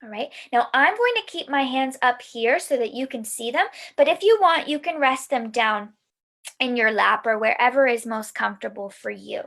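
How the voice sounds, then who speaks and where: A woman leading a mindfulness lesson for children, giving gentle, soothing instructions. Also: on the high side, animated, moderate pace, gravelly. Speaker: mindfulness teacher.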